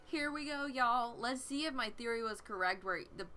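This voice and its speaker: A woman's voice: a little high, expressive, normal speed, sharp tone, soft background music. A woman hosting a video game let's play, chatting casually and giggling as she reads the game's dialogue aloud. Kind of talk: casual gameplay commentary.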